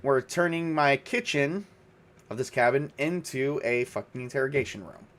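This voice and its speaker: A man's voice: medium pitch, moderate pace, fairly bright tone, natural voice. A man voicing a sarcastic, indignant divorced woman who owns the cabin.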